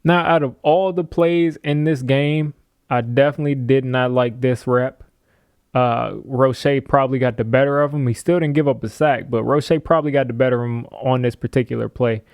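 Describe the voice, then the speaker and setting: A man's voice: medium pitch, steady tone, moderate pace, a little mellow, smooth, dry recording. A man narrating a casual football film breakdown, talking straight to the viewer, with chuckles and playful trash-talk asides aimed at the players on screen.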